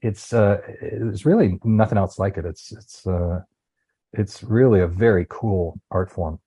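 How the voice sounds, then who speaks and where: A man's voice: fairly low pitch, unhurried, warm tone, breathy edge. A man in his fifties, a voice actor, talking passionately in an interview and searching for words. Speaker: voice actor guest. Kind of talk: conversational interview chat.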